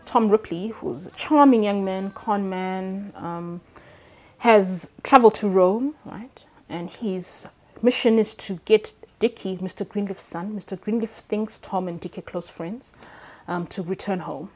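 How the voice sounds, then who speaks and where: A woman novelist talking through a book in an interview, thoughtful with frequent fillers and lively bursts. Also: mid-range voice, measured pace. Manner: thoughtful, animated when excited, frequent fillers. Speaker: novelist guest. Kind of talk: conversational interview with a read-aloud passage.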